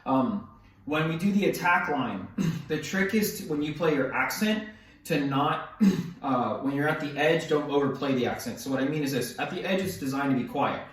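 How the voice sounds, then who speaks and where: Lively intonation and a slightly high pitch mark this man's moderate-paced talk as he teaches snare exercises in a casual way. He counts aloud, often starting over or apologizing, and the distant mic picks up a very echoey room.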